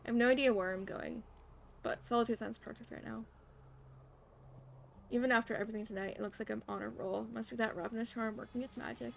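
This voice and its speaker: A woman's voice: fairly high pitch, fairly even intonation, fast talker, gravelly, slight background noise. A young woman streaming a game, reading the story aloud in first person and dropping casual asides.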